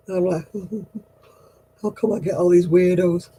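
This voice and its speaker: A woman's voice: fairly low pitch, mellow, slightly rough, rough recording. A woman hosting a livestream craft night, who chats casually, tells stories and laughs at herself often. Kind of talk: casual chat.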